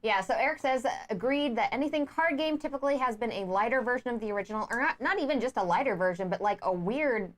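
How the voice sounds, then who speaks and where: A woman's voice: fairly high pitch, quick pace, few pauses. A woman co-hosting a board game review show, talking with enthusiastic emphasis. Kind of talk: casual chat.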